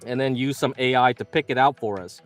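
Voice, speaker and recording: A man's voice: mid-range voice, a little fast, faint music behind. A man hosting a livestream about the stock market, talking loosely to his viewers as "you" and acting out how panicked traders feel, swearing now and then. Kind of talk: casual market commentary.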